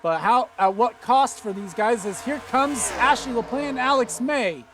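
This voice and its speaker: A man doing play-by-play commentary for an online sim race, getting excited and loud at the big moments. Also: moderate pace. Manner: excited, rises to high-pitched calls at big moments.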